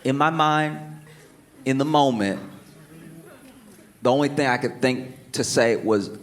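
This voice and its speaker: Man doing stand-up, animated storytelling, mid-pitched voice, live club sound with audience noise. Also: a little slow. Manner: animated, acts out his own inner voice. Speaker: stand-up comedian.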